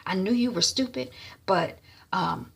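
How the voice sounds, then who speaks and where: A woman's voice: mid-range voice, a little slow, gravelly, breathy edge. A woman voicing a stern, exasperated young woman who lectures her sister indignantly.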